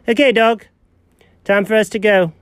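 A man voicing a bossy, high-strung character with a squeaky, exasperated voice. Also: steady tone, normal speed, no echo, lightly acted.

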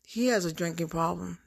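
A middle-aged woman talking straight to her viewers in a casual monologue, emphatic and repeating herself for effect. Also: on the high side. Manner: emphatic, repetitive, addresses audience directly. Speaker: vlogger.

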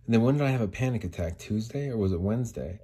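Guy with a low husky voice venting on his podcast, cussing a lot, kinda breathless. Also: lively intonation, very fast, dark tone. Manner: frustrated, swearing, rambling. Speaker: podcast host. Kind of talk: casual solo rant.

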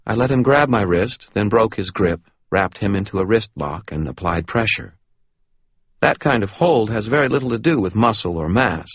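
Low, husky male audiobook narrator. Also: lively intonation, normal speed, no echo. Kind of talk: first-person audiobook narration. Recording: dull lo-fi recording.

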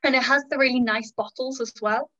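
A woman's voice: sits high, steady tone, a little fast, fairly bright tone. A woman as a podcast guest, chatting casually and bluntly, full of "like" and "um". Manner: blunt and opinionated, lots of "like" and "um". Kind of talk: casual chat. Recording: dull lo-fi podcast audio.

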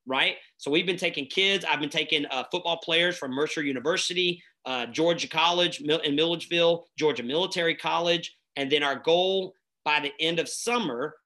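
A man tells a story in a lively, chatty way, leaning on fillers and tag questions. His voice is bright and forceful, and sits a little higher than most men's. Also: moderate pace, few pauses. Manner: energetic, chatty, many fillers and "right?". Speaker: nonprofit founder and guest. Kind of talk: casual storytelling conversation.

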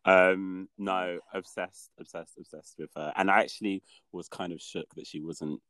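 A very deep-voiced podcast co-host in easy, casual chat. Chatty, with frequent laughs and the odd cough. The sound is dry and close. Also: steady tone, moderate pace, fairly bright tone, no echo.

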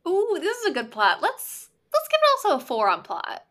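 A woman's voice: very high voice, huge pitch swings, moderate pace, a bit bright. A woman co-hosting a podcast, chatting casually and hedging with lots of "like" and "um.". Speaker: podcast co-host. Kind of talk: casual book chat.

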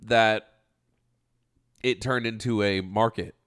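A man's voice: on the low side, fairly even intonation, slow pace, no room sound, clean studio sound. A man co-hosting a podcast in loose, rambling casual chat. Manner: loose and rambling, acts out loud skits. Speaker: podcast co-host.

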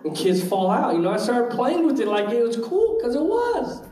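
Male minister, high voice, lively story-teller doing the voices, echoey room, distant mic. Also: normal speed. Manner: animated, acts out quoted voices. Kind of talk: storytelling testimony.

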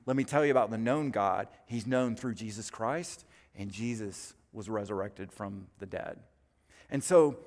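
A pastor preaching a sermon in an earnest, emphatic way, building up with repeated phrases. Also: male voice, mid-range voice. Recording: long reverb of a large hall.

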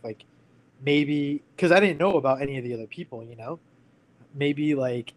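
A man's voice: fairly high pitch, rough recording. A man in his thirties, a podcast guest candidly telling a personal story in casual speech, full of "like" and "you know".

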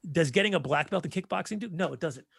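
A man in his forties telling stories in a casual chat, animated and profane. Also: fairly high pitch, fast, creaky, husky, dry recording. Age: 40s.

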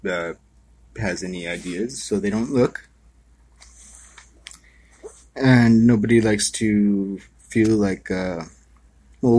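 A man's voice: on the low side, darkish tone, husky, no echo. A man hosting a podcast in a loose, rambling monologue, profane and full of fillers. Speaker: podcast host.

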